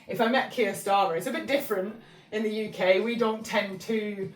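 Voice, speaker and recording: A woman's voice: medium pitch, fairly even intonation, moderate pace, far from the mic. A woman from England talking casually and rambling about spiritual life lessons, with lots of fillers and restarts. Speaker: channel host. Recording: echoey room, voice somewhat off-mic.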